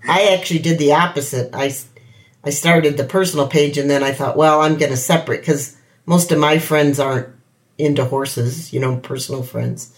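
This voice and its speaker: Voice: mid-range voice, steady tone, moderate pace. A host chatting in an easygoing, conversational way during an interview. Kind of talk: casual interview chat.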